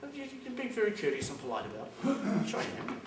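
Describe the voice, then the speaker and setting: This New Zealand-accented man's voice sits high, with huge swings in pitch and a quick pace, as he gives an emphatic, plain-spoken talk to a school hall audience and acts out phone calls. The recording, made from afar, is echoey with background noise.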